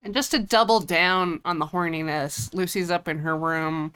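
Deadpan woman narrating plot beats. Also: lowish voice, normal speed, clean tone. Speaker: podcast co-host. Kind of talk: casual movie recap narration.

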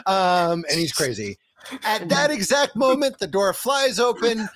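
A man's voice: high-pitched, a little slow. A man hosting a podcast, recapping a film in casual chat and acting out the characters' lines in a sarcastic, profane way. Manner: animated, acts out characters' lines while recapping. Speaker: podcast host.

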